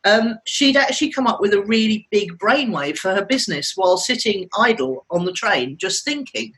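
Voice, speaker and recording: A woman's voice: mid-range voice, lively intonation, moderate pace, fairly bright tone, poor audio. A woman in her fifties co-hosting a podcast, telling long chatty stories and laughing often. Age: 50s. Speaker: podcast co-host. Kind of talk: casual chat.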